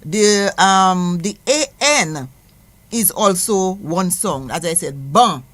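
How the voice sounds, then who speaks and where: A woman patiently explaining letter sounds on a radio show, repeating each example word slowly. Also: fairly low pitch, animated, a bit bright, no echo. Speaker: guest language teacher. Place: radio studio.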